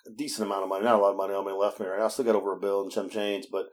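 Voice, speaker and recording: Talking very fast in a lowish voice, a man co-hosting a podcast trades stories in casual conversation. He's an animated, laughing storyteller who swears freely, frequently restarts, and does voices for the people he quotes.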